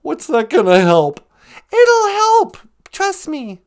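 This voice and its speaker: Gentle woman giving calm advice. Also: high voice, slow. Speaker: podcast co-host. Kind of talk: casual chat.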